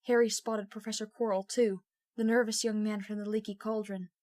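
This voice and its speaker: A woman reading a novel aloud with steady, expressive storytelling. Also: mid-range voice, brisk, dry recording, studio quality. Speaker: audiobook reader.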